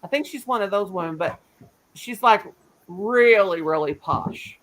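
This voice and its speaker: A woman hosting a casual livestream chat, chatty and animated, laughing often. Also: mid-range voice, unhurried, rough recording. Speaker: livestream host. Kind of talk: casual live-stream chat.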